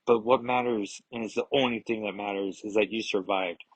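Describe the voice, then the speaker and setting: A man voicing an elderly male telepath mentor, speaking in a measured, gentle, reassuring way. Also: on the low side, fairly even intonation, slightly rough, no echo, low-quality recording.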